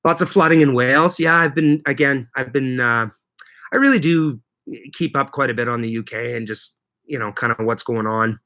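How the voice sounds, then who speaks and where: A man hosting a relaxed livestream chat, his voice bright and forward. He rambles in an easygoing way, chuckles often and calls out viewers by name. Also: mid-range voice, normal speed. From Canada. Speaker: livestream host.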